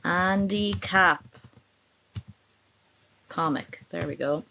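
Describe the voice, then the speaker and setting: A woman's voice: on the low side, very slow, vocal fry, pushed and bright, a little hiss or hum. A woman chatting casually on a live stream, sarcastic and chatty as she reacts and reads messages aloud.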